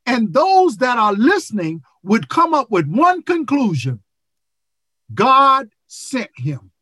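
A preacher of about seventy delivering an impassioned sermon over a video call, repeating phrases and building to shouts. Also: mid-range voice, huge pitch swings, slow pace, no room sound. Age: 70s.

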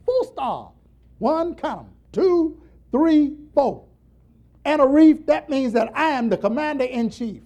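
A man's voice: very high voice, a little mellow, heavily acted. A man preacher voicing an arrogant male army general who brags and talks down to others. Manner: bragging, bossy, talking down.

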